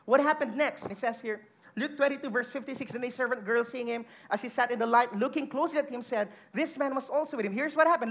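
A woman's voice: high-pitched, brisk, fairly bright tone. A woman preaching an earnest sermon, reading scripture aloud and stressing key lines.

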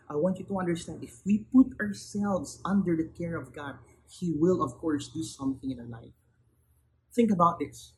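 A man preaching a sermon, building to emphatic raised peaks and then dropping low and quiet. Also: a little hiss or hum, poor audio.

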